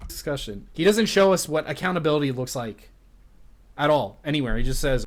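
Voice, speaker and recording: A man's voice: mid-range voice, brisk. A man giving casual ranting commentary, exasperated and incredulous, swearing often. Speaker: commentator in played clip.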